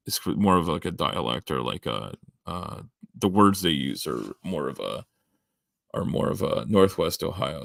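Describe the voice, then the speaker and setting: A man's voice: extremely low pitch, gravelly, fairly bright tone, no echo, studio quality. A middle-aged man with a Southern Ontario accent, a livestreamer rambling as he thinks aloud and answers his chat. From Canada. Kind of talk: casual chat.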